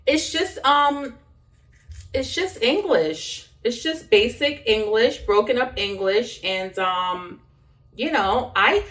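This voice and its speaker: A woman's voice: on the high side, fairly bright tone, recorded from a distance. A woman chatting casually while she cooks in her kitchen, rambling with lots of fillers and restarts. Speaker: cooking vlogger. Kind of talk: casual chat while cooking.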